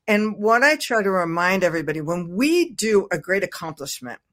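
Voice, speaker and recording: A woman guest author talks over a video call at an ordinary middle pitch. She tells her stories with animation, slipping into little voices of her own self-talk. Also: fairly quick. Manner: animated storyteller acting out her own inner voice. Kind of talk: conversational interview.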